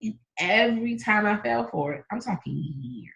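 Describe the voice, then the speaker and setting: A woman's voice: fairly high pitch, big pitch swings, normal speed, gravelly, few pauses, pushed and bright, poor audio. A woman co-hosting a podcast in casual, joking chat, laughing often. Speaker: podcast co-host.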